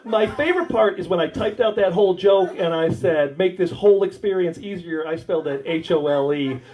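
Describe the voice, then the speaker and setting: A man's voice: high voice, a little fast, a little mellow. An American man doing a stand-up comedy set in a warehouse, telling crude, rambling stories and teasing the audience. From United States. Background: audience laughter.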